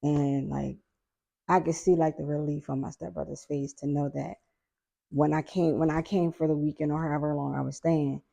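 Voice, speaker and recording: Low, gravelly woman telling a story. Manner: animated, acts out quoted voices with laughs. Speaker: podcast guest. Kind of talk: casual storytelling.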